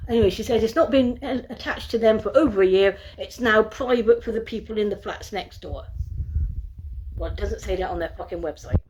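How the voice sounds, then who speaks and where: A woman vlogs on her phone camera from a hotel room, exasperated and swearing often as she rants to camera and then tours the room. Her mid-range voice is darkish and moves at a moderate pace, with a little hiss or hum.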